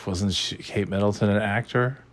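A man's voice: on the low side, steady tone, moderate pace. A man hosting a casual chat, rambling and sarcastic, swearing freely.

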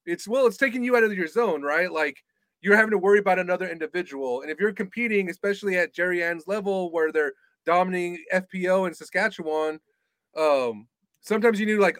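A man's voice: sits high, quick pace, fairly bright tone, no echo. A man co-hosting a disc golf podcast, talking casually and rambling with lots of fillers. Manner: rambling, filler-heavy, joking. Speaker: podcast co-host. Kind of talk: casual chat.

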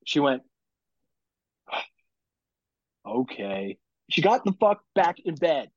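A man's voice: fairly high pitch, expressive, normal speed, no room sound, highs cut off. A man hosting a podcast, telling a parenting story in casual, profane chat. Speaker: podcast host.

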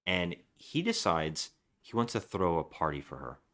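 A man with a very low voice talks through a movie's plot on a podcast. His delivery swings widely in pitch, and he acts out the characters' lines as he retells each scene. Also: big pitch swings, moderate pace, fairly bright tone. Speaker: podcast co-host. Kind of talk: casual movie-review chat.

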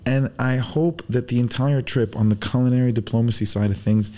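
Guesting on a relaxed podcast, this man from an Arab-world upbringing spins lively tales, performs the quotes and swears without restraint. He speaks in a mid-range voice at a brisk clip.

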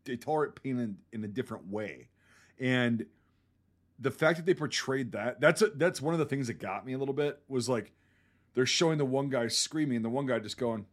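A man's voice: mid-range voice, a little fast. Blunt, swearing male podcast host. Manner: blunt, swears freely, animated. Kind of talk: casual podcast discussion.

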